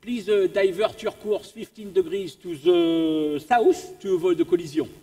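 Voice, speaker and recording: A man with a French accent voicing a calm, unbothered French lighthouse keeper answering on the radio. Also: high voice, measured pace. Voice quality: calm, laconic. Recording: long reverb in a large hall.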